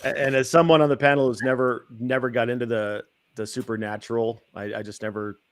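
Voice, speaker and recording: A man chatting casually as a panelist, talking haltingly with many restarts and soft laughs. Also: mid-range voice, fairly even intonation. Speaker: podcast panelist. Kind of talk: casual chat.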